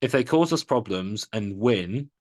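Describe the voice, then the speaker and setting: An English man co-hosting a sports podcast, talking in a measured, hesitant way. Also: on the low side, expressive, darkish tone. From England. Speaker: podcast co-host. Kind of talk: casual sports chat.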